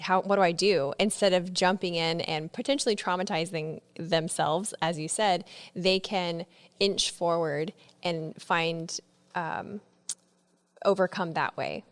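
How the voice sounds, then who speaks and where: A woman's voice: fairly low pitch, steady tone, unhurried. A woman hosting a podcast interview, encouraging and conversational. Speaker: podcast host. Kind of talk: casual interview talk.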